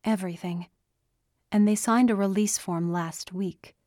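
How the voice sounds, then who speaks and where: Give me a woman doing a stubborn teenage girl, a debate champion backed into a corner, arguing hard and pushing her voice up high. It is a slow, dry storybook reading. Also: fairly even intonation, no echo, natural voice. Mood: defensive. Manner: insistent, argumentative, rising to yells.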